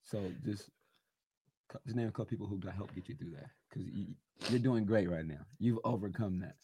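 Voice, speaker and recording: A man's voice: fairly low pitch, a little fast, noisy background. A man hosting a studio interview, supportive and encouraging toward his young guests. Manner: supportive, many "mm-hmm"s. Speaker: host and coach. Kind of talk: podcast interview.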